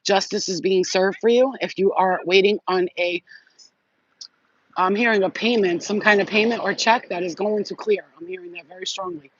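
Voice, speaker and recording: A woman's voice: medium pitch, moderate pace, dull audio. A woman giving a casual live psychic reading, rambling and chatty, swearing and laughing often. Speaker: psychic reader.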